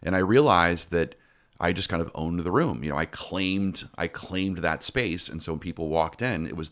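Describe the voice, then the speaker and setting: Deep-voiced man telling stories, full of restarts. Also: moderate pace, fairly bright tone. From Texas. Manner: storytelling with many restarts and repeated words. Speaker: podcast host. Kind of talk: casual podcast chat.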